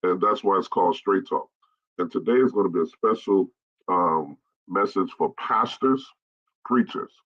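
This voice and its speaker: A man's voice: low voice, normal speed, a bit bright, lo-fi sound. A middle-aged man, a bishop, giving a blunt straight-talk message to pastors, repeating his points to drive them home.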